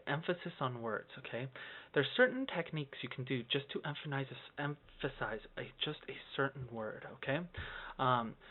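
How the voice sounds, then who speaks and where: A man giving a casual singing lesson on phrasing, explaining in loose bursts and ending points with a questioning "okay?". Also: mid-range voice. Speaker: singing teacher. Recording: tinny phone-like lo-fi sound.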